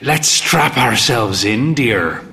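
A fey, thin man near the end of middle age, whimsical and a little camp, as a narrator plays him. He croons his words slowly, and his pitch moves in lively swings. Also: gravelly, full character voice. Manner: playful, crooning.

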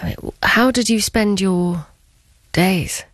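A woman's voice: medium pitch, slow pace, no room sound. A woman interviewer asking direct, probing questions.

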